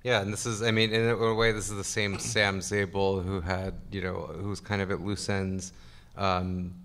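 Low-voiced male moderator, thoughtful, agreeable. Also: little pitch movement, normal speed, a bit bright. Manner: thoughtful questions, agreeable, hesitant. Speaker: panel moderator. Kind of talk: panel interview. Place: convention panel room.

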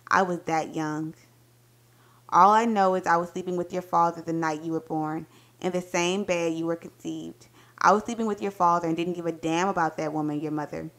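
A woman gives a dramatic reading of a short story, telling it in an expressive, intimate first-person voice. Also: lowish voice, moderate pace. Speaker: book reviewer reading a story aloud.

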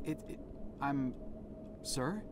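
A man's voice: medium pitch, animated, slow, noisy background. An actor voicing a timid, stammering male janitor in a video game. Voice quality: hesitant, stammering. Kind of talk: game voice acting.

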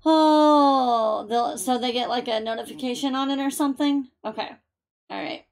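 A woman's voice: on the high side, fairly even intonation, fairly quick. A woman streaming a game live, chatty and gushing, thanking viewers emotionally. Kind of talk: live gaming stream commentary.

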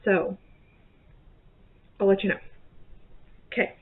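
A woman's voice: medium pitch, steady tone, takes it slowly, phone-quality sound. A woman from southern Indiana with a slight Southern accent, chatting casually and rambling with many fillers in a cross-stitch vlog. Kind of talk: casual chat.

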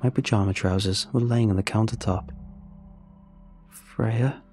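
A man reading a first-person horror story in a steady, measured storytelling voice. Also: fairly low pitch. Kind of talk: scripted horror narration.

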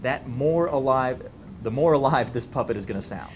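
A man with a deep bass voice teaching puppet voices in a casual, demonstrating way. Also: lively intonation, moderate pace, slight background noise. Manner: casual, demonstrating, many ums. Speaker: puppetry trainer. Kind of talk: instructional talk.

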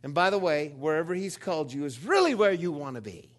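Male pastor, fifties, animated sermon delivery, call-and-response, wide pitch swings. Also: a little fast. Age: 50s. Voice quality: swings from low murmurs to loud, high exclamations.

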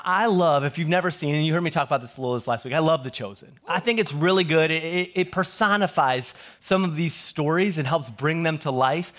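A man pastor giving a sermon to his church, telling jokey stories with quick asides before reading scripture. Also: fairly high pitch, fairly bright tone. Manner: joking storyteller, quick asides. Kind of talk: humorous sermon.

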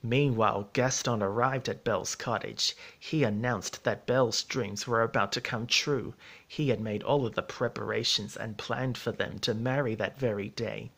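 Male storybook narrator, middle pitch, measured steady read. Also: creaky.

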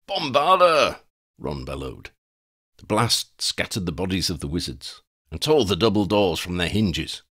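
A man narrating a fan fiction audiobook chapter in an expressive, dramatic storytelling style. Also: deep voice, normal speed, few pauses, slightly rough. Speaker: audiobook reader.

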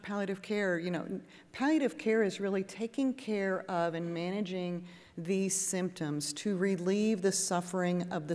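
A woman nurse practitioner giving a lively, conversational lecture to a patient audience and acting out exchanges with patients. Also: on the low side. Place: conference hall with audience. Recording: echoey hall.

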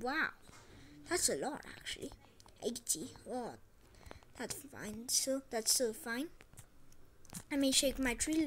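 Woman, high-pitched, casual gameplay commentary, chatty, repeats herself. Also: slight background noise. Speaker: gaming channel host.

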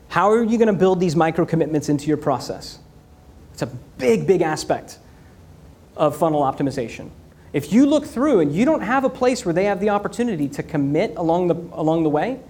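High-voiced, animated male keynote speaker. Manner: animated storytelling with rhetorical questions and repetition. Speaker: conference speaker. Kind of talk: energetic business keynote.

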